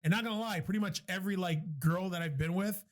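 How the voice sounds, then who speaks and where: Talking fast in a high-pitched voice, a man co-hosting a casual podcast keeps things lively, cursing heavily and breaking into frequent laughter.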